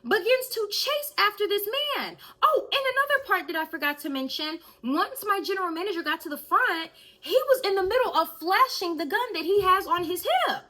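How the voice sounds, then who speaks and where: Young woman, storytime vlog, high-pitched, bright, animated, talks to viewers. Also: fairly quick. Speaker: vlogger.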